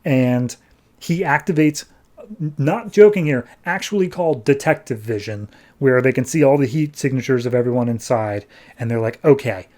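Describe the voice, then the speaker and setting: A man hosting a comics podcast, recapping an issue in a breezy, sarcastic way and slipping into quick character voices. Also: mid-range voice, a little mellow. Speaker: podcast host, comics reviewer. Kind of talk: casual comic-book recap.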